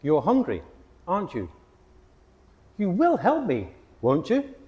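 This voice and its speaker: A man teaching an English grammar lesson, with a clear and emphatic delivery. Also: high-pitched, huge pitch swings, a little slow, darkish tone, in a large hall, dull audio. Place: hot location.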